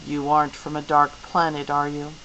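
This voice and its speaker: A woman voicing a gentle, solemn alien beast. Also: deep voice, highs cut off, a little hiss or hum, pitched below the performer's own voice. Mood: calm, grave. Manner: slow, measured and calm.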